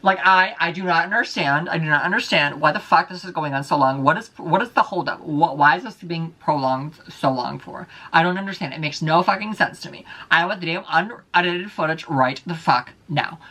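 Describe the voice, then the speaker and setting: Man, solo vlogger, rapid delivery, heated, profane, repetitive. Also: on the high side, bright, forceful tone. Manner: heated and heavily profane, repeats himself. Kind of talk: casual solo vlog rant.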